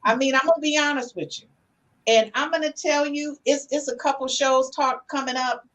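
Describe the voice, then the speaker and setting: A middle-aged woman hosting a talk podcast. She reads out viewer comments in a lively, casual way and keeps calling people "honey". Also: sits high, moderate pace. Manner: lively, calls listeners "honey", Southern-style US slang. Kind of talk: casual chat.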